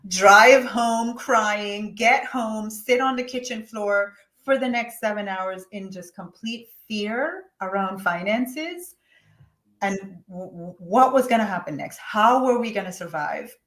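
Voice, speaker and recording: A woman's voice: medium pitch, measured pace. Candid woman guest, roomy sound. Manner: candid and animated, acts out her own past words. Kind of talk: emotional personal storytelling. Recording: roomy echo.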